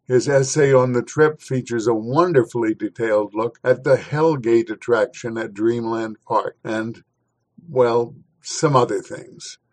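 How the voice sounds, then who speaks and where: A man's voice: medium pitch, a little slow, darkish tone, poor audio. A man hosting a podcast, with dry, sardonic commentary before reading a historical essay aloud. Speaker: podcast host.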